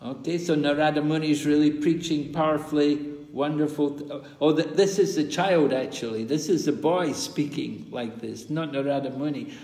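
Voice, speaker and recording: A man's voice: a little high, moderate pace, hardly any pauses, mellow. A man teaching a scripture study class, explaining patiently, repeating key points and asking rhetorical questions. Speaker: spiritual teacher giving a course class. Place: large hall at a pilgrimage site in India. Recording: reverberant hall sound.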